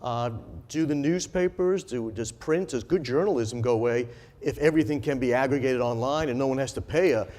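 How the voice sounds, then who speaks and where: A man interviewing a guest on a conference stage, asking long rambling questions and often agreeing out loud. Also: mid-range voice, fairly quick, in a large hall. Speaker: interviewer, head of the organization.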